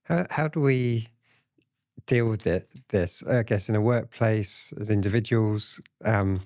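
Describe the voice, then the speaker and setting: A man's voice: on the low side, unhurried, a little mellow, no echo, studio quality. A man interviewing a guest, asking questions hesitantly with restarts and many "I guess" phrases. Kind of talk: conversational interview.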